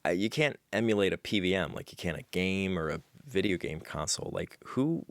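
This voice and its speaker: Lively, mock-formal male comedy host. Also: sits low, brisk, dry recording. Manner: mock-formal with exaggerated startled reactions. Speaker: host playing a judge. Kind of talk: comedic courtroom sketch.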